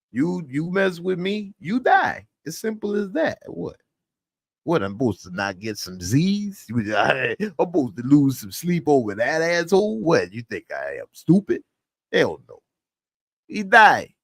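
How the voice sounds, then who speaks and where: A man's voice: a little high, creaky, no room sound, clean studio sound, heavily acted. A man imitating a cold, boastful old-school gangster who talks in a swaggering tough-guy way.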